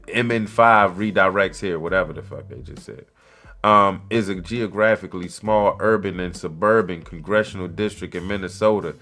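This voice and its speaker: A man doing casual commentary, loud and excitable, full of slang and jokey asides to his viewers while reading articles aloud. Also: fairly low pitch. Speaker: commentary podcaster.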